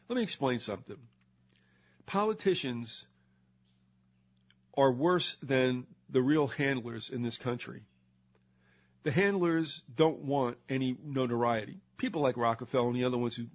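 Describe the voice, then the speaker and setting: An older man hosting a talk show, ranting in a sarcastic, indignant monologue with mocking asides. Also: mid-range voice. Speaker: radio talk show host. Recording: dull lo-fi recording.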